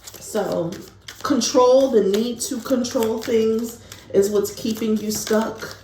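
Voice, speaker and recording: A woman's voice: on the high side, fairly even intonation, slow, warm tone, slight background noise. A woman giving a casual pick-a-card tarot reading, chatty and full of "like", calling listeners honey. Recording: echoey room.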